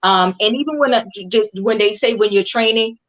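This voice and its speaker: A woman co-hosting a talk show, explaining her views in an animated way. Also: medium pitch, brisk, highs cut off.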